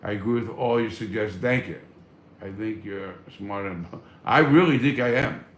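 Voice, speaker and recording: A man's voice: lowish voice, normal speed, reverberant. A man hosting a casual live stream, reading viewer comments and answering in a blunt, profane, fired-up way.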